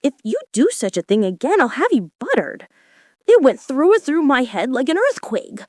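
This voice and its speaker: A woman's voice: sits high, very animated, moderate pace, a little mellow, dry recording, studio quality, voice pushed up. A woman voicing a fretful, fussy old king in a storybook reading. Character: fussy, faint-hearted old male king. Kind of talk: storybook character voice.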